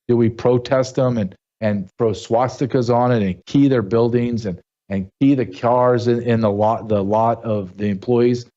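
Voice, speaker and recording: A man's voice: medium pitch, warm tone, lo-fi sound. Indignant man hosting political commentary. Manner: indignant, emphatic, rhetorical questions. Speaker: show host.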